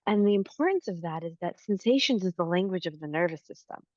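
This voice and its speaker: A woman coach explaining healing concepts in an interview, calm and teacherly. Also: on the low side, quick pace, no room sound, dull audio. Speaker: inner-child healing coach.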